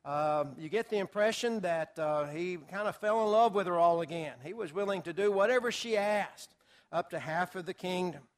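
A man's voice: sits high, normal speed. A man teaching a Bible study class to a group, talking casually with filler words and acting out quotes. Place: classroom or church hall with a group.

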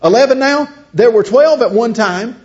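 This man's voice sits at an extremely high pitch, expressive and a little mellow, moving at a moderate pace. He delivers a conversational lecture, throwing rhetorical questions at his audience, and the recording is dull and lo-fi.

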